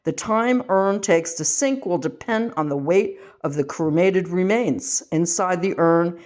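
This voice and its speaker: Talking through a casual home vlog, an older woman from the western US reads aloud and wanders into rambling asides. Her low, darkish voice is broken by quick laughs as she pokes fun at herself.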